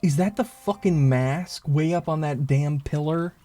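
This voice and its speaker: A man's voice: a little high, a little slow, mellow. A man streaming a game, chatting casually, swearing a lot and talking to the characters on screen, with faint game music behind. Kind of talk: casual gameplay commentary.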